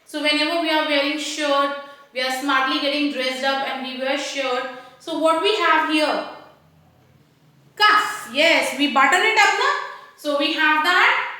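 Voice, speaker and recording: A woman's voice: sits high, slow pace, long pauses, sharp tone. A woman teacher with an Indian English accent, patiently sounding out rhyming words and asking young children questions in a phonics lesson. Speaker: kindergarten teacher. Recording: very echoey room.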